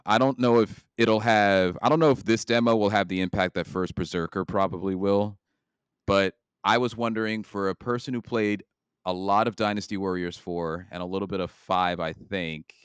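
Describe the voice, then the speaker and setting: A man's voice: fairly low pitch, clear, resonant tone, no room sound. A man co-hosting a casual gaming podcast, talking at length with many fillers and restarts. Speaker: podcast co-host.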